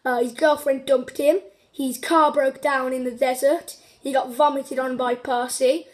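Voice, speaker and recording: A woman with a high-pitched, steady voice hosts a casual, unscripted countdown video at a slightly slow pace. She rambles with many fillers, restarts, and small giggles.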